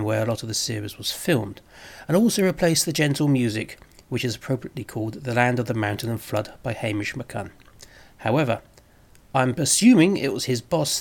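A man presenting a scripted review of old television, speaking in a measured way with wry asides. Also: mid-range voice, creaky. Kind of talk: scripted narration.

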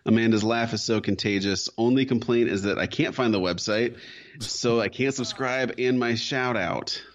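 A man's voice: medium pitch, moderate pace, lo-fi sound. A man co-hosting a casual podcast, reading listener reviews aloud with dry joking asides. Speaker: podcast co-host. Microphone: headphones and microphone.

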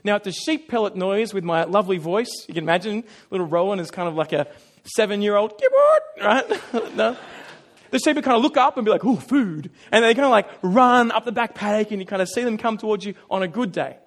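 A man's voice: high voice, quick pace. A man preaching a sermon as a pastor, telling stories with self-deprecating humor and acting out little voices.

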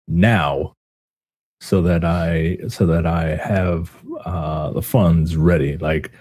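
Husky low-voiced man joking around. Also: no room sound, clean studio sound. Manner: joking, animated storyteller. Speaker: podcast co-host. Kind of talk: casual gaming podcast chat.

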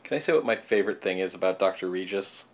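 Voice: low voice, fast. A co-host in casual chat, explaining ideas and often filling with "like". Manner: chatty, says 'like' often, playfully mimics lines. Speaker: podcast co-host.

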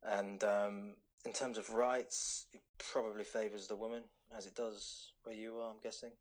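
A British man from London speaking as a podcast guest. His voice sits a little low, and he talks in an easygoing, hesitant way, full of "um" and "you know.". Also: level tone, normal speed, poor audio. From London, England. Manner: easygoing, hesitant, many fillers. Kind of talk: casual podcast chat.

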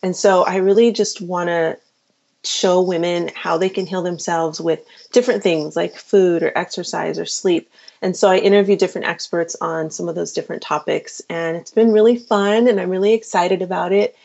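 A woman physician speaks in an earnest, casual way, stopping and restarting often. Her voice sits low and has a gravelly fry. The recording sounds dull and lo-fi. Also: fairly even intonation, moderate pace, a little mellow. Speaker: physician and podcast host, guest. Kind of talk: casual interview answers.

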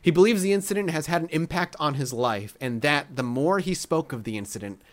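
A man's voice: a little high, animated, brisk. A man hosting a podcast, reading a story aloud with jokey asides in casual chat. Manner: jokey, reads quotes with asides. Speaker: podcast host.

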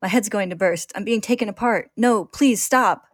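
A woman's voice: on the low side, steady tone, brisk, no room sound, clean studio sound. A woman voicing a desperate teenage boy alchemist, talking in an urgent, pleading way. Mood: panicked.

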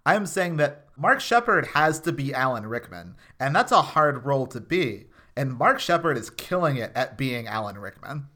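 A podcast co-host giving playful, animated commentary and quick jokes in casual chat. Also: medium pitch.

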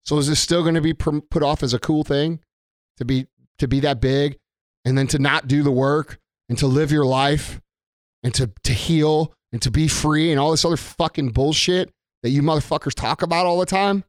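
A man's voice: fairly high pitch, steady tone, normal speed, no room sound, clean studio sound. Angry swearing man ranting. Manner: angry, blunt, heavy swearing, repeats for emphasis. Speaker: business owner. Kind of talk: profane political rant to camera.

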